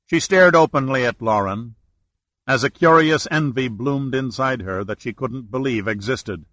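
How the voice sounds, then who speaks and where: Bright-voiced man reading a novel aloud. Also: medium pitch, normal speed, no echo. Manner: steady storytelling. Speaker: audiobook narrator. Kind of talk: scripted narration.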